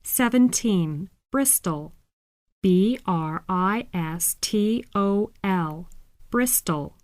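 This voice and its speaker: A woman reading scripted exam audio, spelling each word slowly and carefully, letter by letter. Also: mid-range voice, expressive, darkish tone, no room sound, clean studio sound.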